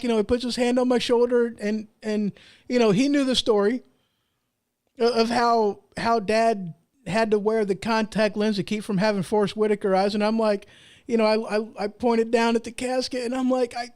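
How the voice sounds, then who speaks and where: A man's voice: extremely high pitch, darkish tone. A man hosting his own show, telling a funny personal story in a rambling, self-deprecating way. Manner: rambling, self-deprecating, with frequent restarts and fillers. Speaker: podcast host. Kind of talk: casual monologue storytelling.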